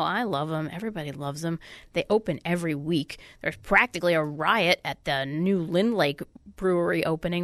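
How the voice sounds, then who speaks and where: A chatty, upbeat woman hosts a radio food segment on a studio mic. Her voice sits a little low and sounds slightly stuffed up. The sound is close and dry. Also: smooth, dry recording. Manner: chatty, upbeat, self-deprecating. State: stuffy nose. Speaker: radio food show host. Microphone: studio microphone.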